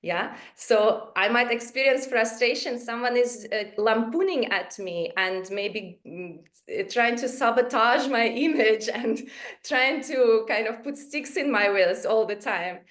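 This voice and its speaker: Woman panelist on a video call, higher voice, calm and measured. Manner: calm, measured, asks herself questions. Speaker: webinar panelist. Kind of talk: reflective webinar talk.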